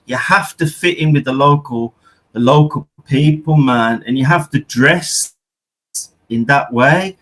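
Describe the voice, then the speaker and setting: Phoning a chat show on a shaky line, a British man is brash and casual, swearing often and repeating "bro" nonstop. He speaks at a measured pace in a mid-range, fairly bright voice.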